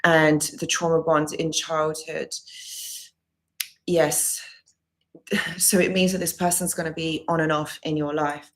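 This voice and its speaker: Low-pitched and level, her delivery runs a little slow with long pauses. She's a woman recovery coach on a live Q&A stream, reading out comments from viewers and offering earnest reassurance, often repeating her advice.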